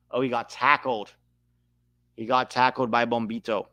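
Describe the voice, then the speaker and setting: A man hosting a live match watch-along, calling the play with excitable outbursts. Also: mid-range voice, normal speed, dry recording. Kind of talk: live match reaction commentary.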